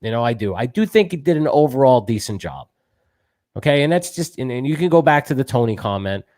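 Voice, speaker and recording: A man co-hosting a sports talk show, talking fast and emotionally as a self-described fan. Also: medium pitch, lively intonation, darkish tone.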